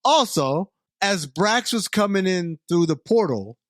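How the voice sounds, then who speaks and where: A man co-hosting a comedy podcast, riffing loudly and swearing freely. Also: high voice, expressive, measured pace, dry recording, clean studio sound. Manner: loud, profane riffing. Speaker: podcast co-host. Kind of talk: casual comedic chat.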